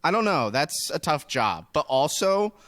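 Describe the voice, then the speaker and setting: A man's voice: a little high, big pitch swings, fairly bright tone, no room sound. A man co-hosting a podcast, chatting casually, rambling and laughing as he tells stories. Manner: rambling, laughing, drawn-out storytelling. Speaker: podcast co-host. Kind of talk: casual chat.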